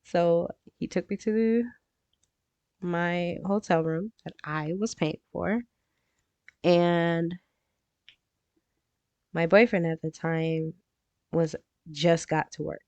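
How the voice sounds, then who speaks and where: Chatty woman with a low dry voice. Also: steady tone, slow pace, long pauses, a little mellow, clean tone, no room sound, dull audio. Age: adult with a grown son. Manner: chatty, laughs often while telling the story. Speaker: crafting vlogger. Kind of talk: casual storytelling while painting.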